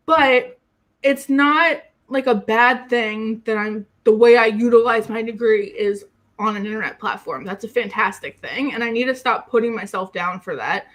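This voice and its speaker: A young woman chatting casually on a livestream, rambling with lots of fillers and restarts in an excitable way. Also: a little high, moderate pace. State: getting emotional. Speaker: YouTuber on a livestream.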